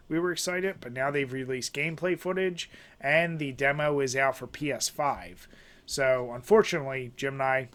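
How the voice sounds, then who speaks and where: A man hosting a podcast, upbeat and joking, who swears casually in relaxed chat. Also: mid-range voice. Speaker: podcast host.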